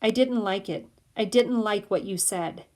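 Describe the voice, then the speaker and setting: Calm quiet mom talking to her son, measured and soft, read by a woman. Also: mid-range voice, lightly acted. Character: worried mother speaking calmly to her son.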